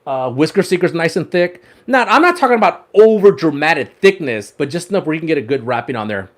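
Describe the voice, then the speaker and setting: A man with a slightly high voice hosts a fishing livestream. He chats casually while showing off his rod wraps, repeats words and laughs often. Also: big pitch swings, fast.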